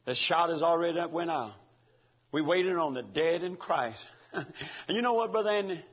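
A male preacher with a high, husky voice delivers a fervent sermon in rhythmic bursts, climbing into shouts. The recording sounds dull and lo-fi, like an old church tape. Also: expressive, moderate pace.

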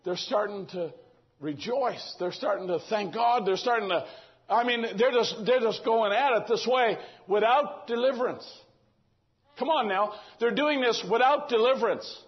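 An older man preaching a sermon, animated and acting out the voices he quotes. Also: very high-pitched, normal speed, muffled recording.

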